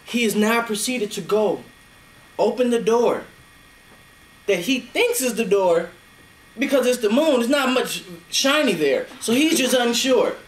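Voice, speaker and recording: Slow, unhurried storyteller in an echoey room. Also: medium pitch, animated. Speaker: club member telling an improvised story. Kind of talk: improvised storytelling. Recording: echoey room, faint noise.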